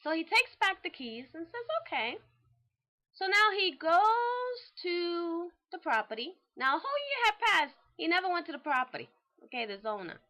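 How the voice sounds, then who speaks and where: A woman hosting a real estate show, casually telling a client's story in an animated, chatty way. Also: very high voice, normal speed. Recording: dull lo-fi recording.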